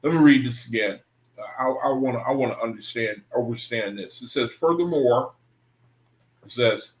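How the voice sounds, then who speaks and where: A man hosts a study livestream, taking his time as he reads aloud and goes back over lines to understand them. His voice sits at an ordinary middle pitch. Between passages he talks to his viewers in a loose, informal way. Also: poor audio. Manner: reads aloud slowly, rereading passages and pausing to think; relaxed, informal talk with the audience. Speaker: host of an online scripture study livestream. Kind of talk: casual livestream reading and commentary.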